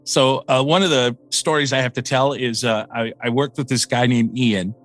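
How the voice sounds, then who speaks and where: Man recounting a haunting, animated and excitable, quotes voices of others, mid-pitched everyday voice, lots of uhs and restarts, interview-style storytelling. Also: moderate pace. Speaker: paranormal investigator.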